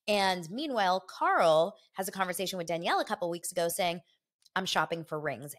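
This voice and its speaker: Woman podcast host gossiping, lowish voice, chatty and opinionated. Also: a bit bright. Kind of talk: casual gossip chat.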